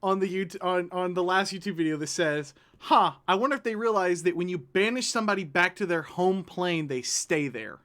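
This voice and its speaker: A male host with a notably high-pitched voice, chatting casually to his cast. He rambles, doubles back and restarts sentences as his thoughts catch up. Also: lively intonation, moderate pace, few pauses, fairly bright tone. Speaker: show host. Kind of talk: casual podcast chat.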